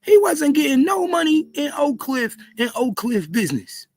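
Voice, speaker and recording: A man doing heated livestream commentary, repeating himself in disbelief and often shouting. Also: very high-pitched, sing-song, normal speed, no room sound. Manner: repetitive, incredulous, frequently shouting. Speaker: commentary streamer.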